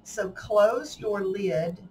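A woman's voice: mid-range voice, very slow, mellow. A woman hosting a craft tutorial, casually talking a friend through each step. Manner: friendly, guiding another person through steps. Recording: distant mic with faint room noise.

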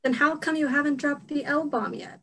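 Girl playing a bossy protective teen girl, high voice, tells it straight. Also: steady tone, normal speed, fairly bright tone, low-quality recording. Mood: scolding. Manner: blunt, scolding. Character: protective, blunt teenage girl friend. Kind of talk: stage play acting.

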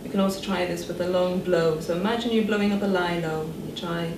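A woman with a British accent, a speech therapist calmly guiding listeners step by step through breathing and voice exercises. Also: lowish voice, a little fast. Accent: British English. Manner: calm, step-by-step instructions. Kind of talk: guided breathing exercise instruction. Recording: echoey room, voice from a distance, noise behind.

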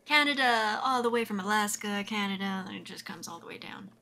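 A woman's voice: mid-range voice, fairly quick, pushed and bright. A woman streamer chatting casually while she plays, giggly and rambling, full of "like" fillers. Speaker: game streamer. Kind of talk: casual live-stream chat while playing.

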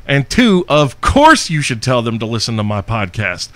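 A man hosting his own podcast, reading listener questions in a brash, profane, boastful way, with loud outbursts and laughs. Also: mid-range voice, expressive, normal speed, few pauses, dry recording. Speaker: podcast host.

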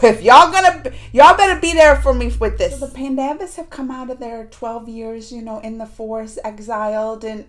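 A woman hosting a review channel, recapping episodes to viewers in a chatty, animated way and acting out characters' lines. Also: on the high side. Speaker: reaction and review channel host. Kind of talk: casual recap chat to viewers.

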